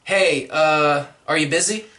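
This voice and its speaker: A man playing an awkward young Peter Parker in a comedy podcast sketch, halting and deadpan. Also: fairly high pitch. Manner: hesitant, rambling, deadpan.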